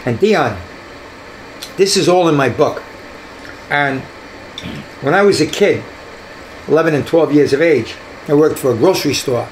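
An older man tells stories from his years as a detective, slipping into the voices of the people he quotes. His voice sits a little high for a man. A faint hiss runs under the talk. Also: measured pace, pauses often, poor audio. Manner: animated, acts out quoted voices. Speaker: retired detective guest. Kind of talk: storytelling in an interview.

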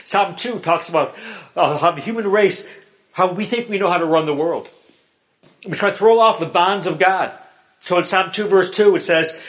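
High-voiced animated male preacher. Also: moderate pace. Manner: animated storyteller, dramatic retelling. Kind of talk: sermon.

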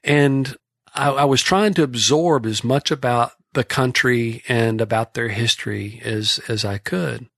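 A man's voice: mid-range voice, measured pace, creaky, a bit bright, no echo, studio quality. A man from Texas with a Texan accent, a horse trainer telling folksy, rambling stories on a podcast. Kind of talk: casual podcast storytelling.

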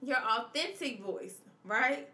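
A woman's voice: a little high, animated, slow pace, pushed and bright. Emphatic woman podcaster, echoey room. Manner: emphatic, repetitive, preacherly. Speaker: podcast host. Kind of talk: personal confessional podcast monologue.

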